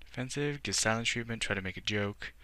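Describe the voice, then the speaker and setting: A man's voice: on the low side, a little fast, pushed and bright, no room sound. A man casually commenting while playing a game, giggly, reading out dialogue choices. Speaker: let's play host. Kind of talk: gameplay commentary.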